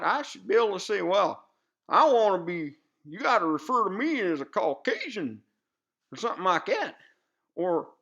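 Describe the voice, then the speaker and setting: A man playing a loud-mouthed, bigoted redneck commentator with a rural Southern US accent, rambling in a folksy drawl full of fillers on a comedy news show. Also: high voice, highs cut off, exaggerated voice. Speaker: satirical news pundit. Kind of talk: comedic character monologue.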